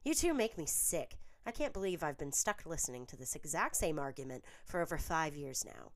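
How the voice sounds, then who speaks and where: A woman voicing a sharp-tongued, sneering teenage witch girl, raised above her usual low reading voice. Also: animated, brisk. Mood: scornful. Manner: sneering, bossy.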